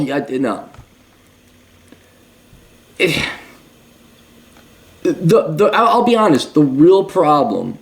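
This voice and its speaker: A middle-aged man giving a sarcastic, mocking commentary rant while reading and reacting to an article. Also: medium pitch. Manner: sarcastic, mocking, with mimicking asides. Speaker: commentary host. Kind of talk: ranting commentary.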